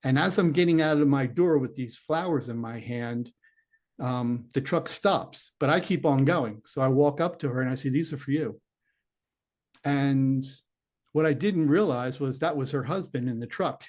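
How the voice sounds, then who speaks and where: A middle-aged former detective turned psychic medium sits as an interview guest, earnestly rambling through a long personal story and dramatizing his own inner voice. His voice is medium in pitch, a little mellow, and moderately paced.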